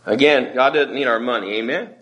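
This male pastor has a medium-pitched, brisk voice with a fairly bright tone. Preaching a sermon in church, he talks conversationally and dramatizes the voices he quotes.

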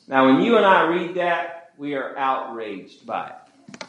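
Preacher guy, fired up, kinda high voice, lots of echo in the church. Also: sing-song, slow pace, fairly bright tone. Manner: emphatic, call-and-response. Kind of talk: sermon. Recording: echoey church room.

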